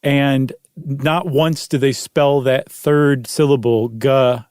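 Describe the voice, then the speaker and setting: A man's voice: medium pitch, fairly even intonation, slow pace, darkish tone, clean tone, no room sound, clean studio sound. A man hosting a podcast in casual chat, explaining things at length and chuckling often. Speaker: podcast host.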